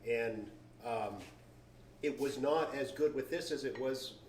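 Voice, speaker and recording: A man's voice: medium pitch, slow. Man describing flavors in a roomy cellar. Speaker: winery founder. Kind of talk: casual wine tasting chat. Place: wine cellar. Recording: roomy, distant mic, faint noise.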